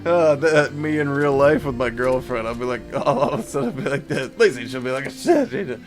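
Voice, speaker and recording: A man's voice: medium pitch, brisk. A man casually commenting while he plays a game. He rambles, swears a lot and makes joking asides to himself. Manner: rambling, profane self-talk with joking asides. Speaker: gameplay streamer. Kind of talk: casual let's-play commentary. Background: game music.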